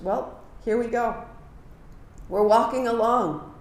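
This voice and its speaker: A woman teaching a live kundalini yoga class, giving calm movement cues and sharing earnest reflections. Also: a little high, unhurried. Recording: echoey room.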